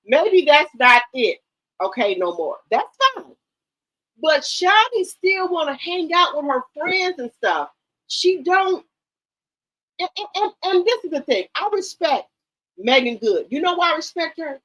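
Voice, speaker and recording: Middle-aged woman, livestream host, high voice, blunt and emphatic casual chat. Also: big pitch swings, unhurried, fairly bright tone, poor audio. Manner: blunt, emphatic, repeats herself.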